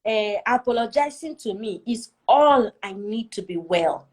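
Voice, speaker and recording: A woman's voice: medium pitch, expressive, unhurried. A woman telling a personal story as a guest in a casual conversation, earnest and reflective, often checking that the listener follows. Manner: keeps checking in with "do you see?".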